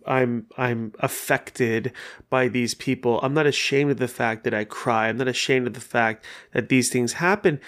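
A young man hosting his own podcast, telling stories in an animated, profane, rambling way. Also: medium pitch, vocal fry. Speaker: podcast host. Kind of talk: casual monologue.

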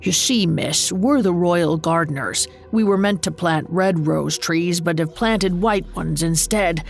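A woman's voice: fairly low pitch, unhurried, gravelly, a little hiss or hum. A woman voicing a nervous, apologetic male playing-card gardener in a storybook reading, explaining himself anxiously.

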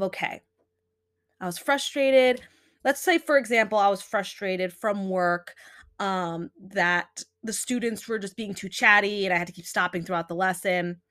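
A woman's voice: medium pitch, fairly bright tone. A young adult woman hosting a podcast, giving earnest, chatty self-help talk full of "you know" and "right". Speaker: podcast host.

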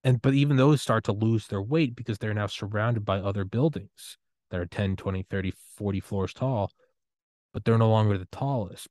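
A young man hosting a podcast, giving a rambling, excitable solo rant full of swearing and trailing restarts. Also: lowish voice, no room sound, studio quality. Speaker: podcast host.

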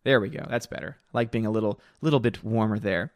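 A man's voice: lowish voice, fast, creaky, dry recording, studio quality. A man hosting a movie channel livestream, casually reading out viewer comments and giving opinionated, rambling answers from his room at home. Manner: opinionated, rambling, repeats words.

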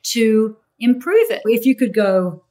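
A woman's voice: fairly high pitch, big pitch swings, slow, mellow. A woman hosting a talk show, asking teasing, playful questions. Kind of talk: casual talk-show interview.

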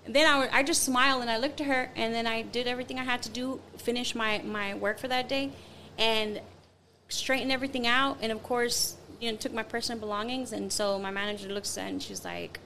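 A woman tells a story in a loose, animated way, playing every person she quotes. Her voice has a gravelly edge. Faint hiss sits under the recording. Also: on the high side, fairly quick. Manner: animated, acts out quotes, many fillers. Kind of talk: casual storytelling chat.

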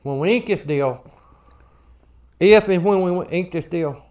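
A man's voice: a little high, unhurried, darkish tone. A man co-hosting a podcast, telling rambling stories in casual chat and voicing the people in them. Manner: rambling storyteller, voices the people in his stories. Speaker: podcast co-host.

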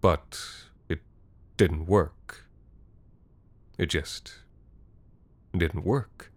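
Casting: male storyteller, very low voice, dry close sound, deadpan narration. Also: dry recording. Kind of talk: scripted narration.

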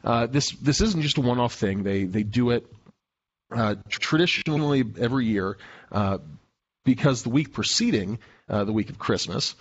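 A man's voice: medium pitch, animated, normal speed, slightly rough. A man from Nebraska co-hosting a podcast, explaining things hesitantly with many fillers and restarts. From Lincoln, Nebraska. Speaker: podcast co-host. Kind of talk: casual podcast discussion. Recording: dull lo-fi sound.

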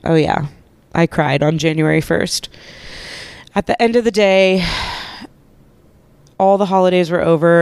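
A woman's voice: low-pitched, darkish tone, clear, resonant tone, no room sound. A young woman hosting a casual solo podcast while congested and nasal from a cold, rambling and joking as she lies on her couch. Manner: rambling, chatty, swears casually, self-mocking. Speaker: podcast host. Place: living room couch, lying under a blanket. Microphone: podcast microphone held while lying down.

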